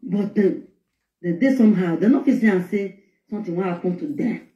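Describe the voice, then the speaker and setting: A woman's voice: medium pitch, fairly quick, warm tone, far from the mic. Nigerian Pidgin woman telling her story. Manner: emotional storytelling with quoted dialogue. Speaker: guest speaker. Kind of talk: personal storytelling. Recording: echoey, dull audio.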